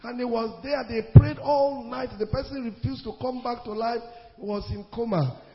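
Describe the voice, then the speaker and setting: A man with a Nigerian accent preaching a sermon as pastor, emphatic, repeating phrases and swinging between loud and hushed. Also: extremely high pitch, fairly even intonation, normal speed. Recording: long hall reverb, dull lo-fi sound.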